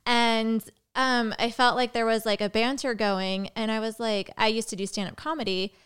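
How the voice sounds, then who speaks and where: A woman hosting a podcast interview, chatting casually, giggling and adding quick asides. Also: on the high side, steady tone, fairly bright tone, clean tone. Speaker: podcast host.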